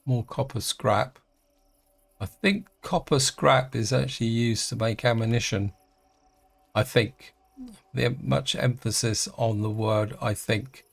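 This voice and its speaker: A middle-aged man giving casual let's-play commentary, chatty and hesitant, thinking aloud with many pauses. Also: mid-range voice, vocal fry, faint music behind. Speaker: gaming channel host.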